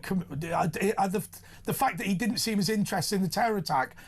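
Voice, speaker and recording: A man's voice: high voice, brisk, husky. A man hosting a talk radio show, blunt and provocative, often laughing at his own jokes. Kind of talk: opinionated talk show banter.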